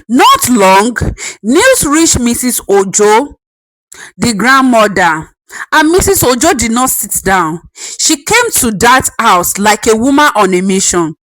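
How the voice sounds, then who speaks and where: A woman's voice: a little high, a bit bright, no echo, low-quality recording. A woman narrating a folktale dramatically, with asides to the listener. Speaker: storyteller.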